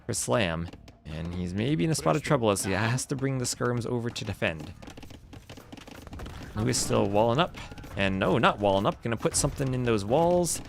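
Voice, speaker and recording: Gravelly, animated male game caster. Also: medium pitch, moderate pace, a little hiss or hum. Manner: animated play-by-play, chatting with viewers. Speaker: esports caster and stream host. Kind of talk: live-streamed strategy game commentary.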